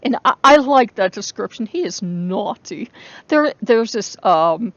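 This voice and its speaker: A woman's voice: mid-range voice, expressive, unhurried, no echo, muffled recording. A woman in her forties hosting her own channel, talking casually, swearing freely, rambling and laughing often. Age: 40s. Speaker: channel host. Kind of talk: casual spoken vlog.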